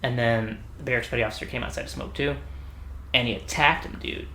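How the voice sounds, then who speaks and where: A man telling military stories in a casual podcast chat, laughing often and jumping into high pitch for the people he quotes. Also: fairly even intonation, quick pace, bright, forceful tone, a little hiss or hum. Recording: roomy echo.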